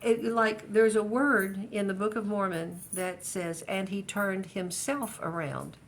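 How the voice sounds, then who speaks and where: A woman's voice: mid-range voice, measured pace. An older woman telling her life story in a casual family interview, hesitant, with many restarts and fillers.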